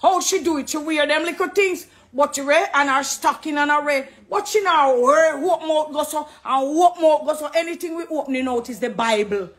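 A middle-aged woman with a Jamaican accent, talking to camera in an animated, preachy, affectionate way, slipping into patois. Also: high voice, normal speed, few pauses. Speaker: dancehall artist. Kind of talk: casual direct-to-camera talk.

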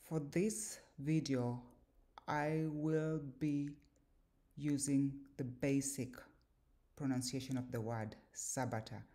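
Low-voiced woman teaching slowly. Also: fairly even intonation, dark tone. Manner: slow, deliberate, with filler pauses. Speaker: language and scripture teacher. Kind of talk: explanatory lesson.

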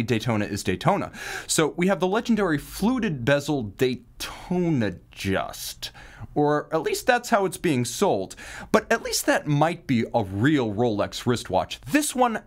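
A man hosting a live watch news stream, talking in a wry, theatrical way with mock outrage and puns. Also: a little high.

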